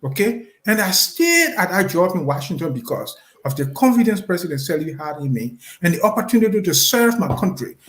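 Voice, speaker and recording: A man's voice: high-pitched, very animated, brisk, few pauses, a bit bright, echoey room. A middle-aged man from Liberia, a former official giving an impassioned, emphatic closing statement as an interview guest. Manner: emphatic, repetitive, rising in intensity.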